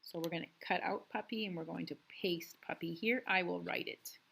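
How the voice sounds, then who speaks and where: A woman's voice: on the low side, steady tone, vocal fry, fairly bright tone, slightly rough. A woman teacher reading a worksheet aloud to young students, drawing out words and talking patiently. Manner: slow, deliberate reading with drawn-out words; patient, encouraging classroom tone. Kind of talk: recorded remote lesson for young students.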